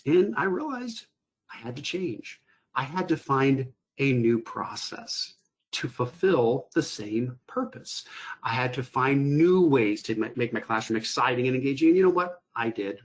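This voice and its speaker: A man who is a teacher telling a classroom story in a lively way, acting out his own past thoughts. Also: medium pitch, a little slow. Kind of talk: storytelling presentation.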